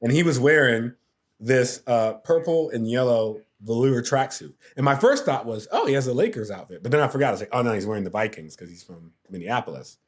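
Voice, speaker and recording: Middle-aged male podcast guest, animated anecdote-teller, mimics voices and sounds; mid-range pitch. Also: fairly quick. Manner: animated, acts out quotes and sound effects. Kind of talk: casual storytelling.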